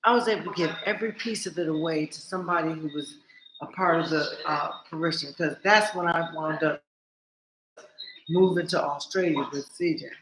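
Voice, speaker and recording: A woman vlogging in a casual monologue, animated and blunt, cursing freely and talking straight to her viewers. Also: low-pitched, a little fast, echoey room, poor audio.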